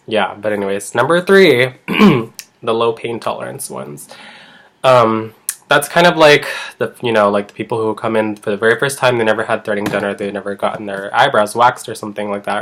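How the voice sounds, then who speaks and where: Rambling man with a low voice. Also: a bit bright. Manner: rambling, heavy use of "like". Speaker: eyebrow artist. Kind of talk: casual chat vlog.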